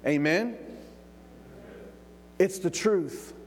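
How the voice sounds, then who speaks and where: A man's voice: high voice, a little hiss or hum. A man preaching a sermon in an emphatic way, drawing words out and calling for amens. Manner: emphatic, drawn-out pauses, calls of amen. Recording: long reverb of a large hall.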